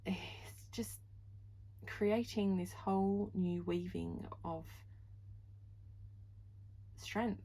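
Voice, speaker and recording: Gravelly-voiced woman doing a heartfelt tarot reading. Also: medium pitch, steady tone, very slow, long pauses, mellow, rough recording. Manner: gushing, heartfelt, uses "like" and "you know" a lot. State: moved, near tears. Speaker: tarot reader. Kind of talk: pick-a-card tarot reading.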